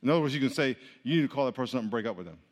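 A man preaching a sermon to his congregation in a casual, conversational way, joking with the crowd and swinging between quiet and loud. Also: mid-range voice, lively intonation, very fast. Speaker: pastor. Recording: long hall reverb.

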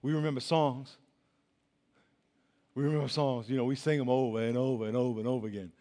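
A young man preaching as a youth pastor, animated and colloquial, swinging between loud and hushed. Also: mid-range voice, fast. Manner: colloquial, says y'all. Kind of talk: sermon. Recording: long reverb of a large hall.

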